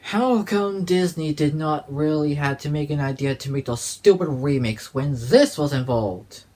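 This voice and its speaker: A man with a slightly high voice rambles casually through a collection vlog. He swears freely and restarts his sentences often. The talk is loose and unscripted. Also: a little slow, darkish tone. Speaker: DVD collector vlogger.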